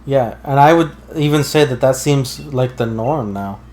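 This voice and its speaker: A let's play co-host with a medium-pitched, somewhat dark male voice jokes along at a normal pace while his friend plays a video game. His casual commentary is packed with sarcastic, wry asides.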